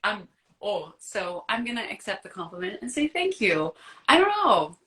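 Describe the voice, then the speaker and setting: A giggly woman guest talks candidly in a casual live-stream chat, with a bright, forward tone. She laughs easily at herself, speaking over a phone or computer mic. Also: mid-range voice, big pitch swings, moderate pace, low-quality recording. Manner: giggly, candid and self-deprecating. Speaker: guest artist.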